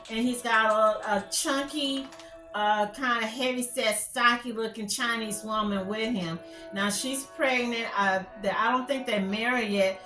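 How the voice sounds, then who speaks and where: A woman's voice: fairly high pitch, pushed and bright. Chatty woman vlogging in an echoey room. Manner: chatty, gossipy, rambling with many fillers. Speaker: YouTube channel host. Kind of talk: casual commentary vlog. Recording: echoey room with faint music.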